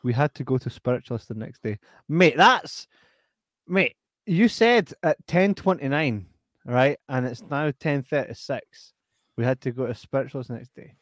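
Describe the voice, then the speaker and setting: A man's voice: medium pitch, moderate pace, no echo, studio quality. Sweary Scottish man co-hosting a podcast. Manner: sweary, jokey, reads viewer comments aloud. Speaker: podcast co-host. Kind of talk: casual late-night podcast chat.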